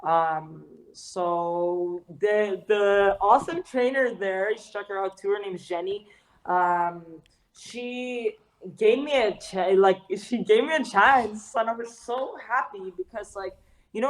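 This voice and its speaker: A young woman from Canada talks through a relaxed interview. She uses loose street slang, many fillers and casual swearing. Her voice sits at an ordinary middle pitch. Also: measured pace, low-quality recording. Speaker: guest, fitness trainer and artist.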